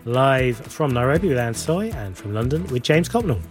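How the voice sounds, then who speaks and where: A man radio presenter reading scripted headlines and a programme introduction in a lively, upbeat way. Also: mid-range voice, normal speed, soft background music.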